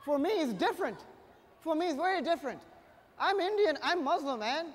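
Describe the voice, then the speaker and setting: High-voiced young man doing stand-up. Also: a little fast. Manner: punchy, energetic delivery with bursts of shouting. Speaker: stand-up comedian. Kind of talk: stand-up comedy set. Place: live comedy stage before an audience. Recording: long hall reverb.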